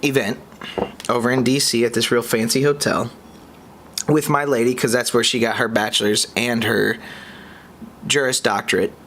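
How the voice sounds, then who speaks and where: A young man from the United States hosting a podcast, reacting in an exasperated way that swings between high outbursts and low muttering. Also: steady tone, normal speed, long pauses, fairly bright tone, a little hiss or hum. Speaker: podcast host.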